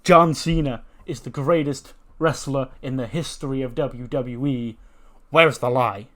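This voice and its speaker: A man playing a pestering man wrestler who keeps heckling and needling his target. The voice is at an ordinary middle pitch and pushes up loud and eager on the jabs. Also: a little slow, close to an everyday voice. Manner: needling, taunting, repetitive.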